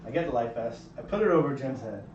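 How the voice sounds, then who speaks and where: A man's voice: mid-range voice, quick pace, slight background noise. A man, a former film editor, telling a funny story and acting out what people said. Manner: animated storyteller who acts out quotes. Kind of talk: casual chat. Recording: roomy, distant, muffled recording.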